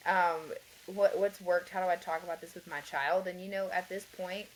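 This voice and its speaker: A woman's voice: fairly low pitch, little pitch movement, moderate pace, a little hiss or hum, poor audio. A woman guest on a podcast, earnestly telling her personal story in a rambling way, with many fillers and light laughs. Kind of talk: conversational interview, personal story.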